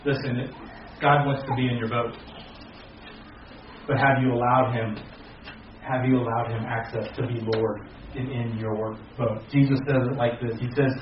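A man preaching earnestly as pastor to a small congregation, rising loud and then dropping to soft, slow phrases. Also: medium pitch, little pitch movement, a little hiss or hum. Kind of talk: sermon. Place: church hall with a small congregation. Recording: very echoey, distant and muffled hall recording.

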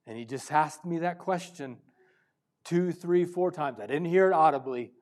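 A male pastor preaching a sermon, moving between loud urgent stretches and hushed, intimate ones. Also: a little high, normal speed.

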